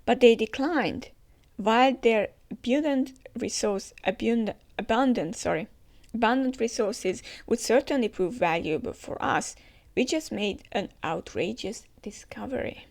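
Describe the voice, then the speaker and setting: A woman reading the lines of a scheming noble man in a measured, formal way. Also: on the high side, lively intonation, gravelly, a little mellow.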